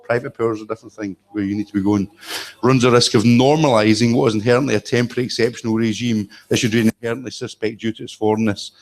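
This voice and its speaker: A man's voice: lowish voice, fairly even intonation, fast talker. A man giving a live lecture-style talk at an event, blunt and emphatic with profane asides. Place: event room with an audience.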